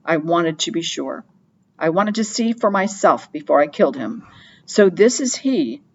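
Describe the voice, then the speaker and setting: Woman reader doing a sneering rat king, low and scornful, dull recording. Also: expressive, moderate pace.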